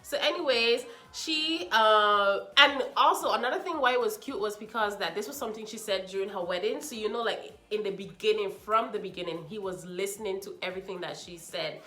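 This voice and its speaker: A woman's voice: medium pitch, fairly quick, hardly any pauses, echoey room. Sassy young woman reviewing reality TV. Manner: animated, sassy, quotes people in mocking asides. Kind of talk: casual chatty commentary.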